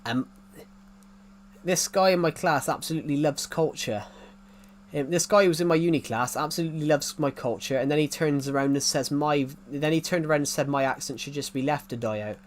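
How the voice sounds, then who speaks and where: Rambling young English streamer, fairly high voice. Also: male voice, a little fast, slight background noise. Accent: English working-class, former mining area. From England. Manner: rambling, repeats and restarts sentences, answers chat. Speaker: livestreamer. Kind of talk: casual livestream chat while gaming.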